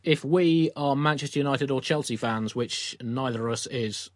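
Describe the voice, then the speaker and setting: A man's voice: medium pitch, normal speed, no echo. An English man co-hosting a comic news podcast, reading absurd news items in a dry mock-newsreader manner. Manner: dry mock-newsreader delivery, deadpan jokes. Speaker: podcast co-host.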